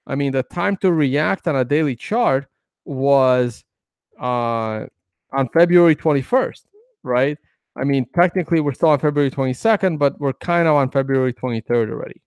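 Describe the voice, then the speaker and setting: Talking casually over crypto charts, this host rambles and restarts frequently, leaning on filler words. He has a mid-range voice with a clean tone and speaks at a normal speed, captured in a dry, studio-quality recording.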